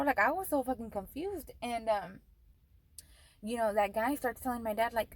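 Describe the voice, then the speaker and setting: A woman's voice: a little high, moderate pace, rough recording. A young woman vlogger telling a storytime rant, profane and heated, switching between English and Spanish.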